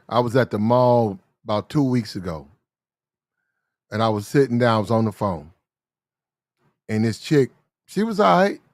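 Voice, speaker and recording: A man telling casual stories in a profane, animated way, acting out the other voices in the dialogue. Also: mid-range voice, no echo, clean studio sound. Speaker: reaction video host. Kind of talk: casual storytelling rant.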